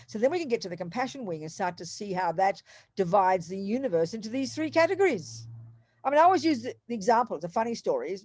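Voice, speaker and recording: A woman with an Australian accent, giving a Buddhist teaching in an animated, emphatic way with storytelling asides. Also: mid-range voice, no echo.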